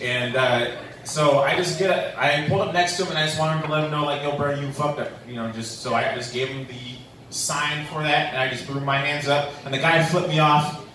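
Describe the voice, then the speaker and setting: A man's voice: medium pitch, pushed and bright. A young man doing a stand-up comedy set, with a rambling manner full of fillers. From New Mexico, USA. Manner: rambling, filler-heavy storytelling with many "like"s and "um"s. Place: comedy club stage. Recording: echoey room, distant mic, faint room noise.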